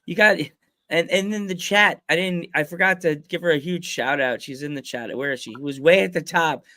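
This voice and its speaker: Jokey higher-voiced man in his forties. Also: brisk, pushed and bright, no room sound. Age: 40s. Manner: jokey, laughs often, does goofy voices in anecdotes. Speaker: podcast host. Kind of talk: casual podcast chat.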